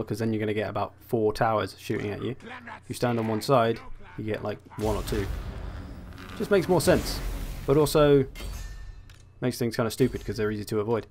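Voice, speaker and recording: Young male host, casual game commentary, wry asides, middle pitch. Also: a little hiss or hum. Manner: chatty, wry, thinking aloud. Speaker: gaming channel host.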